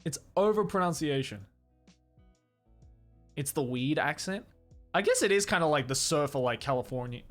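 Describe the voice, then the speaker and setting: A man's voice: mid-range voice, brisk, a bit bright, soft background music. A young Australian man streaming in a studio, chatting casually and animatedly. He swears often and laughs a lot. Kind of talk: casual chat. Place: studio, indoors.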